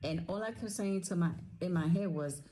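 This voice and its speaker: Warm low-voiced woman telling a teasing story. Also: normal speed, rough recording. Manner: chatty and animated, playful teasing. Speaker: retired sailor, friend giving a video tribute. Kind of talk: recorded video message, casual storytelling.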